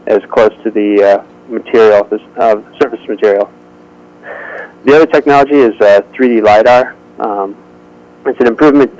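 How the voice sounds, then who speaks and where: A man giving a prepared technical presentation over a remote audio link to a workshop, measured and dotted with frequent hesitations. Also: fairly low pitch, a little mellow, low-quality recording.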